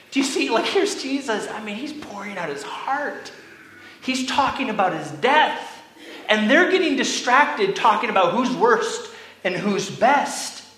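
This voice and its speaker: A young adult man preaching a sermon as a pastor, telling the story with animated, acted-out lines. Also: high voice, roomy sound, rough recording. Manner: animated storytelling, acting out quoted lines, drops to a whisper.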